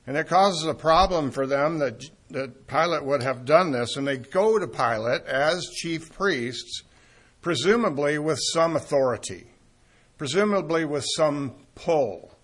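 An older man teaching a Bible sermon in a conversational way, asking his listeners questions and pausing on fillers as he thinks. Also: a little high, expressive, a bit bright, slightly rough. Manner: conversational, asks the audience questions, frequent fillers. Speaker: preacher.

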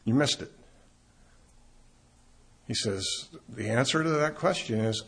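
A man's voice: mid-range voice, lively intonation, measured pace, gravelly, pauses often, fairly bright tone, slightly rough. A man preaching a sermon as pastor, emphatic, rising and swelling on key points.

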